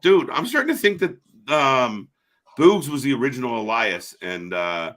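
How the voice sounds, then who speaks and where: A man's voice: medium pitch, animated, moderate pace, a bit bright. A man co-hosting a live reaction stream in casual, jokey chat that trails off into fillers. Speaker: co-host of a live wrestling watch-along stream.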